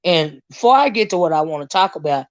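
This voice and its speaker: A hoarse woman, hosting a casual livestream, greeting viewers and chatting with many fillers and asides. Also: lowish voice, lively intonation, fast talker, dull audio. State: hoarse, lost her voice. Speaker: livestream host.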